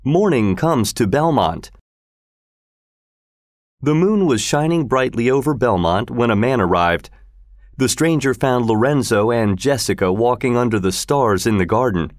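A man narrating a storybook chapter in a clear, expressive way. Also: mid-range voice, unhurried, no room sound, clean studio sound. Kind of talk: storybook reading.

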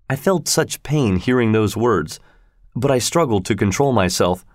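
A man narrating a storybook in the first person with steady, measured delivery. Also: lowish voice, dry recording, clean studio sound. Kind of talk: storybook reading.

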